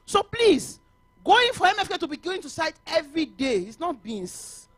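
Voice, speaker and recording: Nigerian woman, conference speaker, lively pitch, dry close sound, mixes Yoruba and English. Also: moderate pace, no echo. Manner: animated, mixes Yoruba and English, laughs often. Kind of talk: motivational talk to realtors. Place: conference hall.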